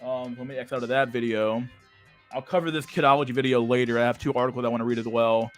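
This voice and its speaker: A man's voice: medium pitch, steady tone, quick pace, faint music behind. A young man hosting a casual livestream, with profane, slang-heavy talk full of "dude" and "bro" and frequent restarts. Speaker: livestream host.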